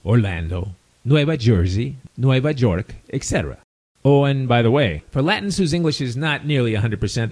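A man's voice: medium pitch, darkish tone. An older man with a Chicago accent, telling a casual story full of wry, chatty asides. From United States. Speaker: expat storyteller.

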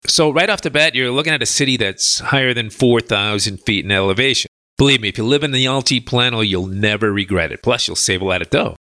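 A man's voice: mid-range voice, fast, sharp tone, no room sound, studio quality. A man from the United States hosting a podcast, chatting through a listener's email questions in a casual, emphatic, folksy way. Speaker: podcast host.

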